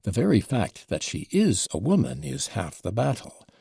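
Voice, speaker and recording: Drunken sly old dad, as a guy reads him, gravelly and husky, rambling and taunting, swings his voice all over. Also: medium pitch, huge pitch swings, normal speed, dark tone, dry recording, studio quality, exaggerated voice. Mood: boastful rambling. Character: drunken lecherous old father, quarrelsome and cunning. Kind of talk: audiobook character reading.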